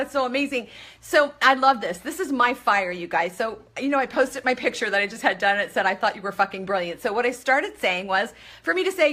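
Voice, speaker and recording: A middle-aged woman talks on a live stream, gushing over her viewers and greeting each one by name. Her voice is bright and forceful and sits a little high, and she swears casually as she talks.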